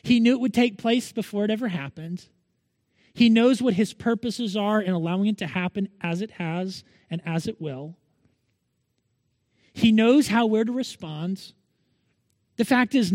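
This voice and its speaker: A man's voice: high-pitched, measured pace, a little mellow, no echo, big-room sound. A male pastor preaching a Sunday sermon in an earnest manner, pressing his listeners with repeated rhetorical questions.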